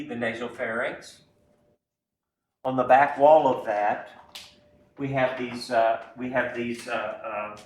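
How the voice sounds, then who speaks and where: Male instructor, folksy classroom lecture, keeps asking "right?", mid-pitched, recorded from a distance in a roomy space. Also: slight background noise. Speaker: anatomy instructor. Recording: echoey room, voice from far off.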